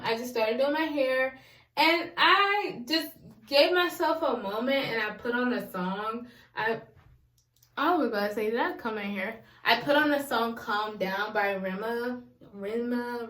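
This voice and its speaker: A woman's voice: a little high, a bit bright. A young adult woman talking candidly in a vlog, rambling and repeating herself in casual slang. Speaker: vlogger. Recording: echoey room.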